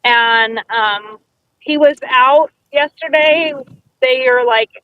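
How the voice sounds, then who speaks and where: A woman's voice: sits high, takes it slowly, highs cut off, slight background noise. A woman co-hosting a podcast, telling a story in casual chat and acting out the quotes. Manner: chatty storyteller, acts out quotes. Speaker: podcast co-host.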